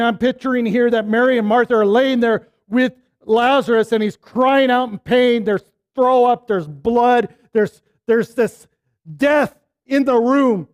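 A man with a high voice delivers a sermon in a plain, conversational tone. His intense, pleading questions give way to quiet, hushed asides. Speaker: pastor.

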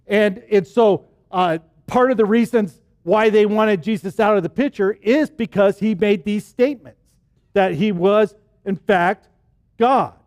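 A middle-aged man preaching a sermon in an easy, conversational way, often asking the congregation whether they are following along. His voice sits high for a man, and the recording is dry and close with no room echo. He brings the story to life by acting out brief lines of dialogue. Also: darkish tone. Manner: retells scenes with quick acted-out quotes. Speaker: pastor.

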